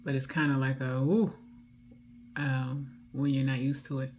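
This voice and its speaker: Low-voiced woman with a D.C. accent. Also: flat delivery, a little slow, a little hiss or hum. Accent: Washington, D.C. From Washington, D.C. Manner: rambling, chatty, drifts off topic; soft muttered asides while applying lipstick. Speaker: beauty vlogger. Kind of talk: casual chat while doing makeup.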